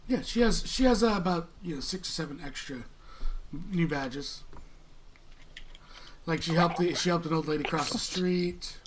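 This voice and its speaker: A man narrating as game master of a tabletop game in a relaxed, rambling way. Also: on the high side, moderate pace, pauses often, slight background noise. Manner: relaxed, rambling, many fillers.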